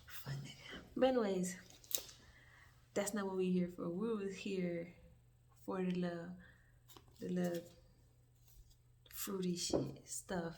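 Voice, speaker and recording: A young woman speaks slowly in a lowish voice, leaving long pauses as she rambles through a profane tale on a casual storytime vlog. Her storytelling is animated and full of asides, captured on a far-away mic with slight background hiss.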